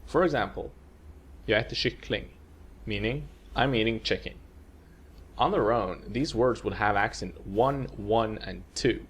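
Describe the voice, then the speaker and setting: A man calmly explaining a language lesson, played from a video. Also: lowish voice, measured pace, slightly rough. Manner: calm, explanatory. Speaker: language teacher.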